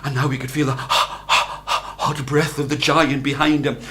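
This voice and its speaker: An older man, a grandparent, reading traditional tales aloud as bedtime stories in a soft, animated way. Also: mid-range voice, a little slow, a little hiss or hum. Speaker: grandparent storyteller. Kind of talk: bedtime storytelling.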